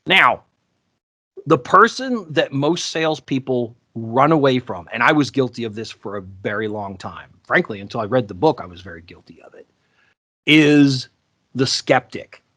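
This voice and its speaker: A man co-hosting a podcast, telling sales stories in a casual, animated way and acting out the people he quotes. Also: mid-range voice, normal speed, no echo. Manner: animated, acts out quoted voices. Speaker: podcast co-host. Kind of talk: casual storytelling chat.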